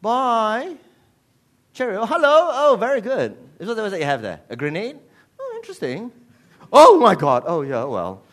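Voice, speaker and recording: A man voicing an overly polite English gentleman, chipper and high-pitched. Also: huge pitch swings, moderate pace.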